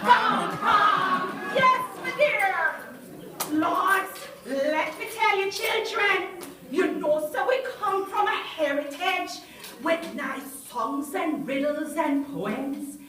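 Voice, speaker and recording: A middle-aged Jamaican woman storyteller calls out to her audience in a very high, bright voice. She talks slowly, in an animated, singsong way. She is heard from a distance in a hall with heavy echo. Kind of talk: lively storytelling performance. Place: large echoey hall with audience. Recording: echoey hall, heard from far off.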